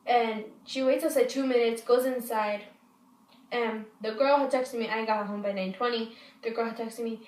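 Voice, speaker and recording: A woman with a fairly high voice rambles through a storytime full of swearing and false starts. She sits back from the mic, so her voice carries a roomy echo. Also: fairly even intonation, moderate pace, a little mellow, recorded from a distance. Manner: rambling, profane, many restarts. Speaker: vlogger. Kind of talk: casual storytime. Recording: echoey room, voice off-mic.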